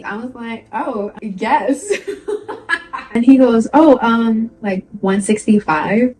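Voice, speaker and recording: A woman's voice: on the high side, unhurried, soft background music, poor audio. A young woman vlogger chatting casually as she tells a personal story, laughing often and acting out what people said. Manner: chatty and animated, laughs often, acts out quoted voices.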